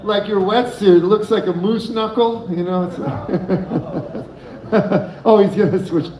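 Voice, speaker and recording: A man with a high voice performs an open-mic stand-up set on a bar stage with a handheld mic, speaking slowly as a crowd murmurs behind him. His delivery is rambling, giggly and loose, and the sound is echoey with a muffled mic.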